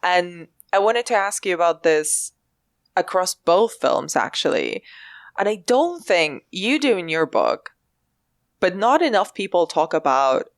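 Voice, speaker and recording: A woman's voice: low voice, clean tone, dry recording, studio quality. A woman hosting a film podcast, articulate and inquisitive as she sets up questions for her guest. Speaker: podcast host. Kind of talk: casual podcast conversation.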